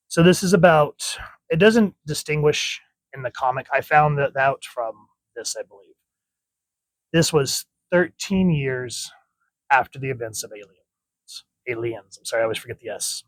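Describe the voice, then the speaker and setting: A man's voice: medium pitch, lively intonation, moderate pace, no room sound, low-quality recording. A young adult man reviewing a comic book in an enthusiastic, chatty way, pointing out details of the artwork. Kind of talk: casual comic review with dramatic reading.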